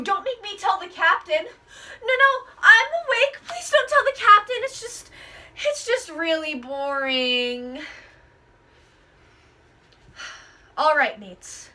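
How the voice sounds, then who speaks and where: A woman's voice: high-pitched, bright, forceful tone. A woman hosting a pirate-themed children's event, leading scripted call-and-response in an exaggerated, upbeat, instructive way.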